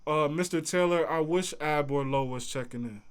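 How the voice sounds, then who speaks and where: A man's voice: a little high, normal speed, clean tone. A man hosting a casual livestream, answering chat in a laid-back, conversational way. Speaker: livestream host reading chat.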